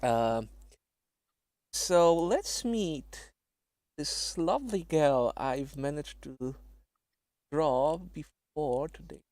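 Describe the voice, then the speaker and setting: A man narrating as game master, halting with many fillers. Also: on the high side, lively intonation, darkish tone, no echo, studio quality.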